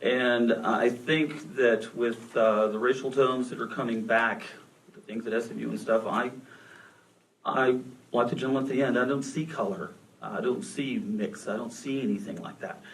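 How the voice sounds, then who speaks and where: A man's voice: mid-range voice, steady tone, normal speed. A man from Texas, speaking as a panelist, telling a frank personal story with self-deprecating jokes. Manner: candid, joking, self-deprecating. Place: movie theater. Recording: distant room mic with faint noise.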